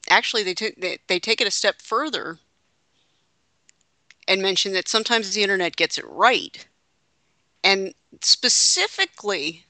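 A woman's voice: medium pitch, sharp tone, no echo. A woman hosting a casual podcast chat, reading quotes aloud with joking asides. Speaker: podcast host.

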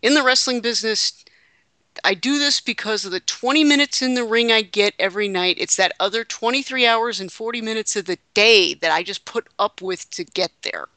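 A woman's voice: a little high, fairly quick, pushed and bright, no room sound. A woman hosting a casual podcast chat, reading quotes aloud with joking asides. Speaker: podcast host.

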